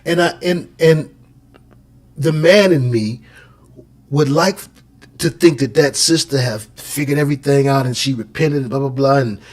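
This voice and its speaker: A man with a middle-pitched voice talks loosely and at length, circling back and restarting as he tells his stories. His delivery is casual and conversational. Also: moderate pace. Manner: storytelling, with many restarts.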